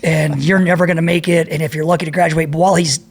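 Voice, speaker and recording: A man's voice: fairly high pitch, little pitch movement, fast talker. A man in his fifties, a podcast guest, telling rambling, profane war stories in a casual way. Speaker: podcast guest, former Navy SEAL. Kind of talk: casual storytelling.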